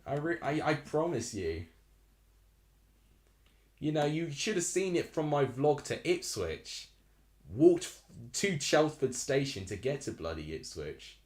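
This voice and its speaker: Lively young streamer from Essex. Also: male voice, a little high, unhurried, roomy sound. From Essex, England. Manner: chatty, rambling, reacts aloud to the match. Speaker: live stream host. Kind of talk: live football watchalong commentary.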